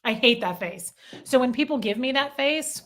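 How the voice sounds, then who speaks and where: A young woman with a bright, fairly high voice, chatting on a live stream. She talks to her viewers in an animated, self-deprecating way. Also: normal speed. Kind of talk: casual live-stream chat.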